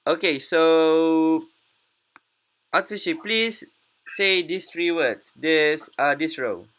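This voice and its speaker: A woman teaching English pronunciation in an online class, patient and encouraging, repeating words slowly. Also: deep voice, fairly bright tone, clean tone.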